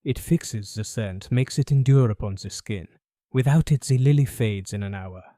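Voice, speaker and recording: A man voicing a smooth, calculating French perfumer in an audiobook, with a French accent and a polite, evasive manner. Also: mid-range voice, moderate pace, mellow, dry recording, studio quality, lightly acted. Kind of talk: audiobook character voice.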